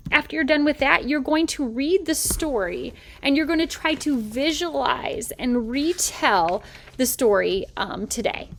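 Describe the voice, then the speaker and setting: A woman's voice: high voice, animated, measured pace, fairly bright tone, a little hiss or hum. A woman teacher giving a recorded reading lesson, patiently stretching out letter sounds and checking in with "okay?" and "right?".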